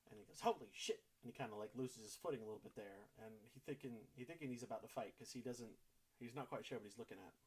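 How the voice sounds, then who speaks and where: A man's voice: medium pitch, very fast, a little mellow, slight background noise, poor audio. A man narrating as game master, with loose, filler-heavy narration.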